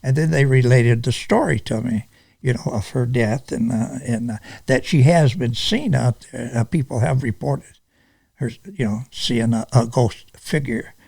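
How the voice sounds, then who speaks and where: An older man from Michigan, a retired police sergeant, telling stories in an interview in a halting, unhurried way with many restarts. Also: mid-range voice, vocal fry, darkish tone, breathy edge, no room sound. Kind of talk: casual storytelling interview.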